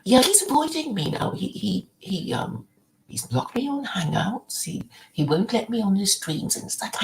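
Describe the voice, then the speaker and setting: A woman hosting a livestream in casual chat, rambling with many restarts and soft, half-whispered asides. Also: medium pitch, very animated, moderate pace, creaky, poor audio. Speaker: livestream host.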